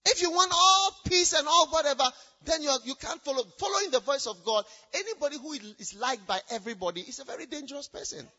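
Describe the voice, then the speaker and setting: A woman preacher delivering an emphatic sermon, repeating herself, swinging between loud shouted lines and hushed asides. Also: high-pitched, fast, few pauses, dull audio.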